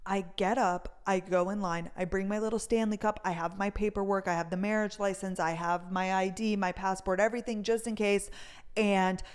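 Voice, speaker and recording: A woman's voice: mid-range voice, smooth. Young woman, casual storytime vlogger, chatty and a bit profane, talks in a mid-range voice. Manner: chatty, swears freely, lively retelling.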